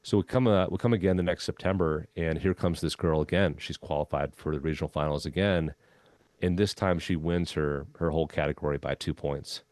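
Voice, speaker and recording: A man who used to be a golf club head pro tells a long anecdote in an interview, relaxed and full of "um" and "you know.". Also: a bass voice, brisk, no echo. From Minnesota. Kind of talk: storytelling in a conversational interview.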